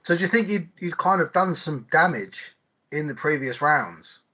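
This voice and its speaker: A man co-hosting a casual podcast, tossing in quick questions and agreement. His voice is bright and forceful, with a husky edge. The recording sounds dull and lo-fi. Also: on the high side, lively intonation. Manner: short chatty questions and agreement. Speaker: podcast co-host.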